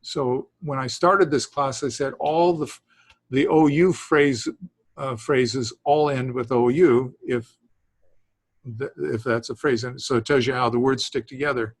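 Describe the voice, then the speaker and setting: Slow, rambling male Greek teacher. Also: medium pitch, steady tone, husky, no echo. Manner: rambling, self-interrupting, with chuckles. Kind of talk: classroom lesson. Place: class with students in the room.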